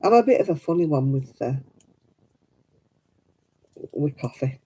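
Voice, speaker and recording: A woman's voice: low voice, animated, measured pace, mellow, breathy edge, rough recording. A middle-aged woman chatting casually at home while she crafts. She tells stories and laughs often. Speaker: craft vlogger.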